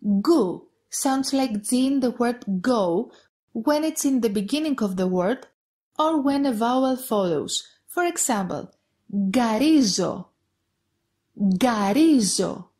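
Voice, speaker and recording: A woman with a Greek accent teaching pronunciation on a podcast, saying each example word slowly and repeating it twice. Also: a little high, expressive, a little mellow. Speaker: Greek language tutor. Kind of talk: podcast lesson.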